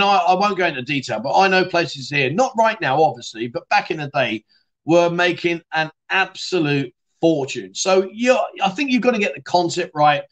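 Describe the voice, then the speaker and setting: A man hosts a casual livestream from a bar city in Thailand, chatting, teasing viewers and laughing as he reads their comments. His voice is on the high side with a fairly bright tone.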